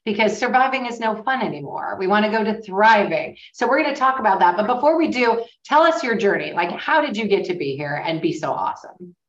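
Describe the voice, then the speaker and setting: A woman's voice: medium pitch, expressive, a little fast, hardly any pauses. A woman hosting a casual interview in an upbeat, encouraging way. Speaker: host. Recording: echoey, distant, dull mic.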